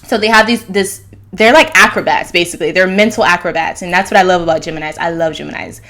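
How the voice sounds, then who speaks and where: Fast-talking, fairly low-pitched and fairly bright, this woman runs her own astrology channel. She speaks casually in a loose monologue, bouncing between thoughts with fillers and restarts.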